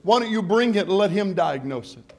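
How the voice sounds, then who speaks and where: A middle-aged pastor preaching in church, his voice sitting a little high for a man. He drops into easy, joking asides, then climbs into shouted calls that draw answers from the pews. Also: animated, a little fast. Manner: preaching with call-and-response, building to shouts; humorous, conversational asides. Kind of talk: sermon. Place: church sanctuary.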